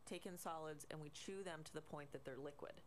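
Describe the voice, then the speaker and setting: A woman guest on a radio talk show, explaining in a relaxed way with many fillers. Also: deep voice, brisk, slight background noise. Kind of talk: casual radio chat.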